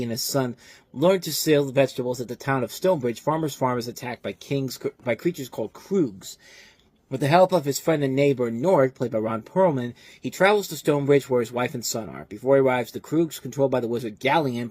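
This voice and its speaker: A man's voice: mid-range voice, no room sound. A man casually reviewing movies, rambling and often correcting himself mid-sentence. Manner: rambling, self-correcting, enthusiastic asides.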